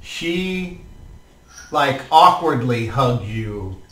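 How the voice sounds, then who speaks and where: Slow, hesitant game master man. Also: medium pitch. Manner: relaxed, hesitant narration. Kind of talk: narrating a tabletop game. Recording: roomy echo, distant mic.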